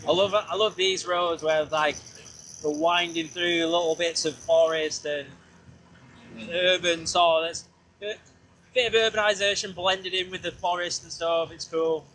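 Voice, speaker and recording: A man's voice: on the high side, steady tone, unhurried, a bit bright, slight background noise. A man chatting casually and rambling as he rides a scooter outdoors, talking into a small mic with a fluffy windshield. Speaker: podcast host. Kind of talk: casual vlog narration while riding. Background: road ambience.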